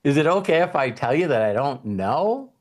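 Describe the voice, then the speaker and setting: A man coaching a client on faith, talking in a lively, repetitive way and laughing often. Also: fairly high pitch, moderate pace. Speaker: life coach. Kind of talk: spiritual coaching call.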